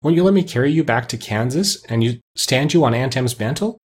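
A man's voice: medium pitch, lively intonation, a little fast, close to an everyday voice. A man voicing a kind-hearted, earnest young girl in a storybook reading. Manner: earnest and gentle.

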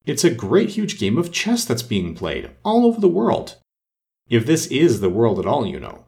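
A man's voice: on the low side, very animated, a little fast, vocal fry, dark tone. A man voicing a curious, polite young girl who talks eagerly and a little breathlessly in a storybook reading. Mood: delighted.

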